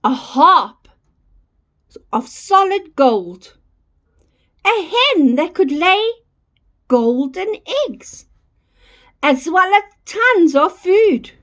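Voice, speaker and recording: A woman storyteller reading a children's fairy tale aloud, slowly and expressively. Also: very high voice. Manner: slow, expressive read-aloud.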